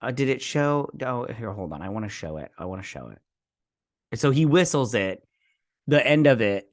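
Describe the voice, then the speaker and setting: Male vlog host, mid-pitched, hesitant self-deprecating recapper, dry recording. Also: animated, normal speed, no room sound. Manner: rambling, hesitant, lots of fillers and restarts. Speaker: show host reviewing a TV episode. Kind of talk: casual episode recap.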